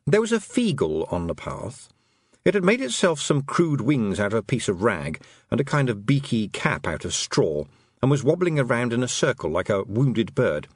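Husky male audiobook narrator. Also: mid-range voice, normal speed, no echo, clean studio sound. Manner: lively, expressive storytelling.

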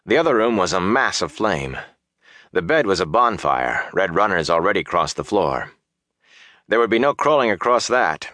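A man narrating a fantasy audiobook in a steady, measured storytelling voice. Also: sits low, no echo, studio quality.

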